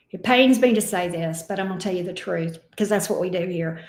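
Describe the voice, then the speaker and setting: Expressive woman reading tarot, echoey room. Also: on the low side. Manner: expressive, emotional, swears casually. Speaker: tarot reader.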